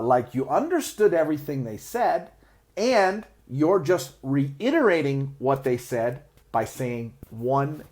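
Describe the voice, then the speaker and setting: A man's voice: fairly high pitch, dark tone. A man teaching English learners useful phrases in a chatty way, with lots of "uh" and restarts, laughing as he acts out sample exchanges. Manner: chatty, with frequent "uh" and self-restarts; acts out sample replies and laughs between examples. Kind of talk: explaining tips to English learners.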